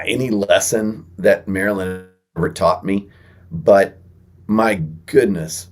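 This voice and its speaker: Male guest, lowish voice, animated storyteller who turns earnest.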